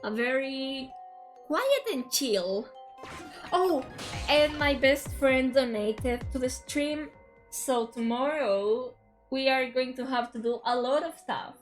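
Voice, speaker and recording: A woman's voice: high voice, slow pace, soft background music. A young woman streaming a video game, chatting casually with viewers and reading the game's dialogue aloud in a bubbly way. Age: young adult. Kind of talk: casual stream chat while playing a game.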